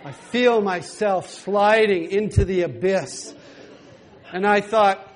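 Animated high-voiced man preaching a story. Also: slow. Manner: animated, laughing storyteller who breaks into song. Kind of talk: sermon storytelling.

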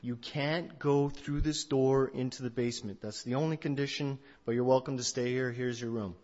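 A man's voice: medium pitch, fairly even intonation, moderate pace, darkish tone, big-room sound, natural voice. A man voicing a mysterious male mansion host with an Eastern European accent, courteous but guarded, in a dull lo-fi recording. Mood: guarded welcome.

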